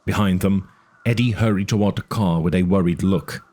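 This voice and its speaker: A man narrating an audiobook with an expressive, dramatic reading. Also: low-pitched, normal speed.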